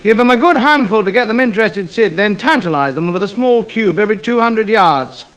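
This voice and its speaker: A man's voice: sits high, lively intonation, brisk, fairly bright tone, low-quality recording. A man doing a pompous, fussy, self-pitying gent. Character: pompous suburban man with a fussy, indignant temper. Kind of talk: AI-voiced comedy sketch.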